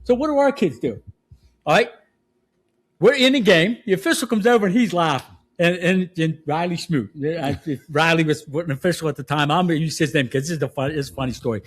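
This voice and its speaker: An older man, a football coach telling stories on a podcast, laughing and acting out shouted quotes. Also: a little high, fairly quick, husky. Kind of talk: casual storytelling.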